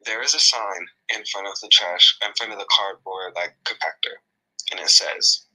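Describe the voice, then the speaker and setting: A man's voice: lowish voice, expressive, unhurried, sharp tone, husky, poor audio. A man who works as a store manager, telling a workplace story in casual chat with gossipy indignation.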